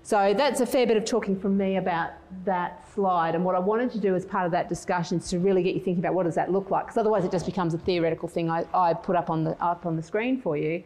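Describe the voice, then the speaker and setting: A woman's voice: on the low side, quick pace, few pauses. A middle-aged woman giving a conference talk, telling personal stories with frequent restarts and filler words. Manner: lively storytelling, acts out quoted voices. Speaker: conference speaker.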